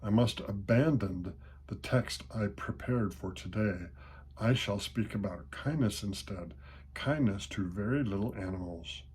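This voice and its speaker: A man's voice: fairly low pitch, unhurried, a little mellow, husky. A man playing a bothered old parson. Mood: flustered. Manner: huffing, exclaiming. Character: fussy old male parson, flustered and kind.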